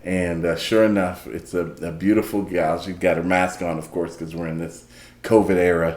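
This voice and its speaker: Deep-voiced man telling stories. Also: moderate pace, reverberant. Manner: animated, breaks into laughter, repeats words. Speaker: podcast guest. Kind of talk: storytelling in casual conversation.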